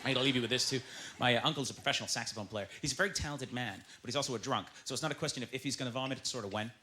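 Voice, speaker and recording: A man from Canada doing a stand-up comedy set on a club stage, animated and slipping into silly voices. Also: mid-range voice, rapid-fire. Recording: loud club crowd noise behind.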